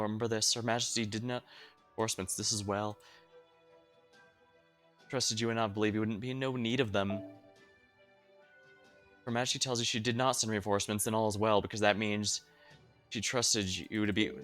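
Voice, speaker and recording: Fast-reading male streamer. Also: lowish voice, steady tone, a bit bright. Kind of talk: reading game dialogue aloud. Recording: faint game music behind.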